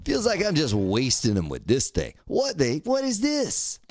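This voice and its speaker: A man's voice: on the high side, wildly swooping pitch, a little slow, a little mellow, no room sound, clean studio sound. A man streaming a game, joking around and teasing his chat viewers by name as he plays. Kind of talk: casual gameplay livestream commentary.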